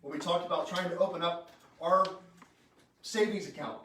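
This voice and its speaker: A man's voice: high-pitched, normal speed, fairly bright tone, far from the mic, slight background noise. Fired-up man speaking in an echoey room. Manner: fired-up, joking, quizzes the crowd with questions. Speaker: state senator. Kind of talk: informal political speech to a live audience.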